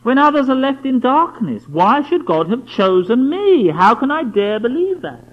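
Lively, high-voiced preacher on a dull recording. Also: male voice, moderate pace. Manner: emphatic, with many rhetorical questions to the listener. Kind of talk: sermon.

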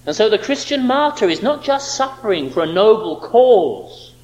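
A man's voice: high-pitched, sing-song, moderate pace, a little mellow, muffled recording. A man preaching a sermon, emphatic and fond of rhetorical questions.

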